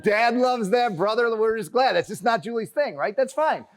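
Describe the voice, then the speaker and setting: High-voiced, joking motivational speaker man. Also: normal speed. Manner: energetic and joking, addresses the crowd as friends. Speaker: keynote speaker. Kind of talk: motivational talk to a live audience. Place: conference stage.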